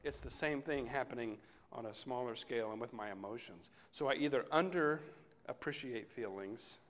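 A male pastor giving a sermon in a relaxed, conversational way, often trailing off softly at the ends of phrases. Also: mid-range voice, normal speed. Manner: conversational, reflective, often dropping to a soft close.

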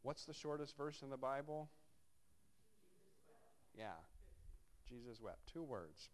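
A man's voice: mid-range voice, expressive, slow. Man preaching a conversational sermon. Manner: conversational, wry asides while reading scripture. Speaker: pastor.

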